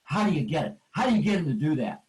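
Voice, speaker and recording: Emphatic high-voiced older male coach. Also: very animated, fast, a little mellow, distant mic, rough recording. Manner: emphatic, repetitive cueing phrases. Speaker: football offensive line coach. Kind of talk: coaching clinic presentation over drill video.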